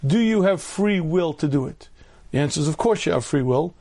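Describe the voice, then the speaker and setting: A man in his fifties, a rabbi giving a storytelling Torah lecture, often clearing his throat and using humor. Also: on the high side, expressive, fairly quick, dark tone. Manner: humorous, acts out voices in anecdotes.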